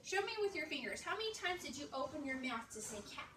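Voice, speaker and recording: A woman teaching young children a reading lesson in a classroom, upbeat and encouraging, speaking slowly and clearly. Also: high-pitched, very animated. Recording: echoey classroom, far-off mic, background noise.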